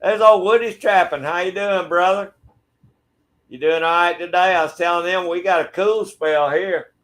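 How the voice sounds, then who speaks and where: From a backyard shed, a friendly livestream host, a middle-aged man from Georgia, USA, chats easily and reads through viewer comments, calling viewers by name. His Southern-accented voice is high-pitched and moves at a moderate pace.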